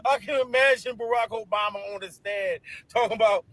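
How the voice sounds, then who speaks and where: A man's voice: very high voice, a little fast, over a noisy crowd, low-quality recording. A man doing comedic gossip commentary in a theatrical, exclaiming style. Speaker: gossip video creator.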